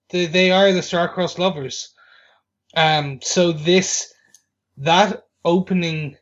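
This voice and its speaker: A man's voice: a little high, fairly bright tone, muffled recording. A man from the UK co-hosting a podcast, chatting enthusiastically in a casual film review. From United Kingdom. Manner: enthusiastic, acts out reactions. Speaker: podcast co-host.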